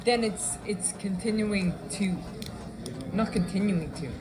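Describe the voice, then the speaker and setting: A woman being interviewed, speaking with confident, playful self-assurance. Clear background noise from a busy event surrounds her. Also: mid-range voice, a little slow. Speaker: interviewed wrestler.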